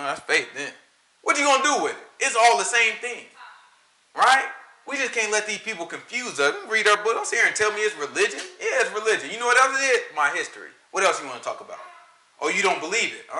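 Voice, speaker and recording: A man preaching in an animated, colloquial way, emphatic and mocking by turns. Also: high voice, fast, echoey room, rough recording.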